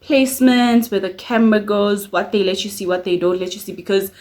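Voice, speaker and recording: A young woman chatting casually in a recap vlog, talking in a lively way with many fillers and asides while she does her makeup at home. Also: medium pitch, fairly quick. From South Africa. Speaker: YouTuber.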